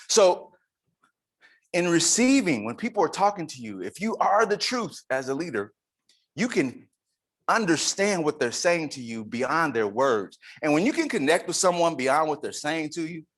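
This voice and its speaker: A man giving a lively leadership talk at a conference, emphatic and playful with the audience. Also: fairly high pitch. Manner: animated, emphatic, playful with the crowd. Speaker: conference speaker. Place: conference room.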